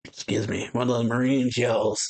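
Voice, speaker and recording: A man's voice: medium pitch, level tone, vocal fry, a little mellow. A man hosting a reaction video, casually reading a manga chapter aloud with laid-back commentary. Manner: laid-back, slow, filler-heavy.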